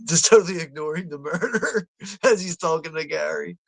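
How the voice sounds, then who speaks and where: A man's voice: a little high, normal speed, vocal fry, no echo. A man hosting a live movie watch party, talking casually, swearing freely and laughing a lot. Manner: profane, laughs often.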